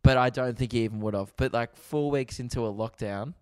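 A man's voice: mid-range voice, a little fast, smooth, no echo, clean studio sound. A young Australian man hosting a podcast over a video call, telling jokey stories and laughing often. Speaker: podcast host. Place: at home, remote.

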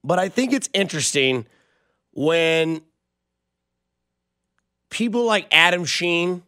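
A man's voice: high-pitched, animated, slow pace, bright, forceful tone, smooth, no room sound, clean studio sound. A young man hosting a sports radio show, chatting and telling rambling stories in a casual way. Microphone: studio microphone.

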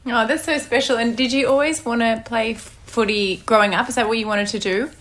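A woman's voice: on the high side, fairly even intonation, brisk, fairly bright tone. A woman co-hosting a casual interview, asking curious questions with some hesitant restarts. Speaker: podcast co-host.

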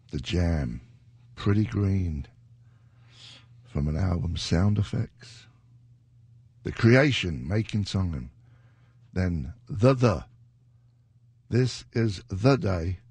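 A man hosting a music radio show with a gravelly, husky voice, rambling and chuckling between song titles in a radio studio. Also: low-pitched, darkish tone, dry recording. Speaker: radio DJ host. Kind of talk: casual radio chat.

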